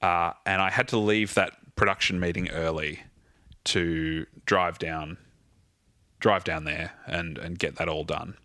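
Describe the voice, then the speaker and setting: A man, a theatre musical director, telling animated anecdotes as a guest in a casual interview and swearing freely. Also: low-pitched, unhurried, no echo.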